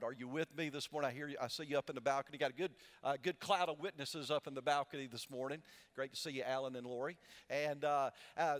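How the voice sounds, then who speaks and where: A man's voice: mid-range voice, fairly even intonation, fast talker. A male pastor preaching a sermon in a large church with a balcony. He uses call-and-response, posing questions for the congregation to answer back. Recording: long church hall reverb.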